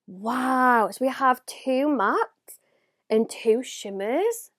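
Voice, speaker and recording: A young woman talks through a makeup unboxing. She sounds gushing and excitable, slipping into hushed whispers and gasps, in a slightly high voice. The recording is dry and close, with no room echo. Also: drawn-out words. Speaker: beauty vlogger. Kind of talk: casual unboxing vlog.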